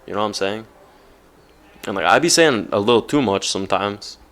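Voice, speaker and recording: A man's voice: lowish voice, lively intonation, brisk, a bit bright. A young man vlogging off the cuff, rambling with lots of slang and filler words. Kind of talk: casual off-the-cuff vlog talk.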